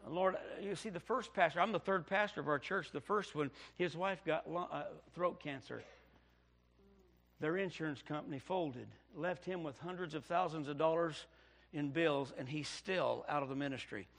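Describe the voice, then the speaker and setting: A Baptist pastor from Indiana preaching a sermon, telling a story and swinging from hushed passages to near shouting. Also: male voice, a little high, normal speed.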